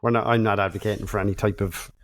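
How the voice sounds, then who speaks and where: Hesitant low-voiced Irish man. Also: little pitch movement, fast. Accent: Irish, Cork. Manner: hesitant, hedging. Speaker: podcast co-host. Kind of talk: casual chat.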